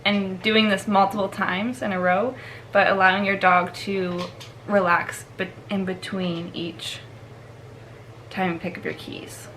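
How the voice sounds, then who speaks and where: Brief: casual woman vlogger, mid pitch, chatty, faint background hiss. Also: steady tone, unhurried, a bit bright, rough recording. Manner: chatty, laughs often, filler-heavy. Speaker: dog trainer. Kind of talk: casual instructional vlog.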